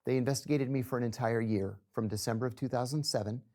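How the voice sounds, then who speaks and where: A man, a former intelligence officer, telling his story in an interview at a steady, deliberate pace. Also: medium pitch.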